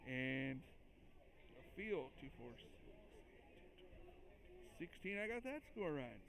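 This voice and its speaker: Small-town man calling a school basketball game, high voice, chatty and excitable, noisy gym sound. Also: takes it slowly, vocal fry, long pauses. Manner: excitable, chatty, jokes with the listeners. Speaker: play-by-play announcer. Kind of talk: amateur basketball commentary.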